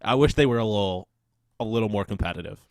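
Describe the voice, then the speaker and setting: A man's voice: lowish voice, fast talker, darkish tone, dry recording, studio quality. A man co-hosting a casual sports podcast, rambling and swearing with many restarts. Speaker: podcast co-host.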